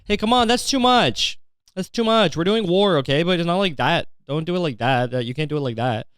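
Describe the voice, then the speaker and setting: A man's voice: medium pitch, steady tone, racing, darkish tone, clear, resonant tone, dry recording, studio quality, close to an everyday voice. A man voicing a whiny, pleading man scolding about the rules of war.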